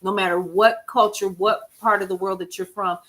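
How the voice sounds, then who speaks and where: A woman hosting a casual livestream, talking to viewers in a folksy, expressive way, calling out names from the chat and telling stories with lively quoted asides. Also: mid-range voice, moderate pace. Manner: expressive, folksy, animated storytelling with chat shout-outs. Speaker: livestream host.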